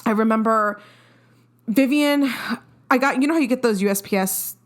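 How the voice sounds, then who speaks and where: Young woman cohost, bit high voice, blunt and chatty about being a mom. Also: moderate pace. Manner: frank, firm, chatty with fillers. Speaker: podcast co-host. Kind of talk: casual chat.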